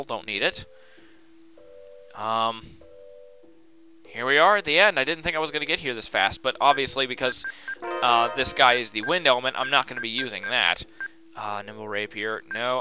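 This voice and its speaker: A man giving casual, chatty commentary while he plays a game, excitable and talking to himself. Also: mid-range voice. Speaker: let's play host. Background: game music.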